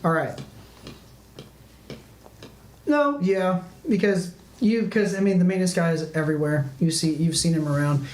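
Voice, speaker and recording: A game master narrates a tabletop game, rambling loosely, restarting often and saying "like" a lot. The voice is medium-pitched and somewhat dark, at normal speed with frequent pauses, recorded in an echoey room with faint background noise.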